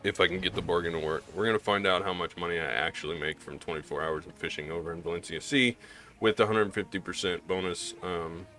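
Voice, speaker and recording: A Missouri man with a slight Southern drawl and a low voice talks fast in a rambling, candid gaming vlog, restarting often. His delivery sounds pushed and bright, with soft music playing behind him.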